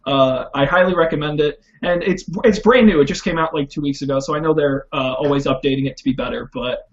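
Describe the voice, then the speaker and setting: Enthusiastic tech podcast host, lo-fi. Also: male voice, a little high, fast. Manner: enthusiastic, upbeat, chatty. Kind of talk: casual tech podcast chat. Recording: dull lo-fi audio.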